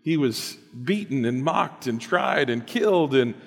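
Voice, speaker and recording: Guy preaching, chatty and emphatic, mid pitch, big echoey church hall. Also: animated, measured pace. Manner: storytelling, conversational, emphatic. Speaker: pastor. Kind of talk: sermon.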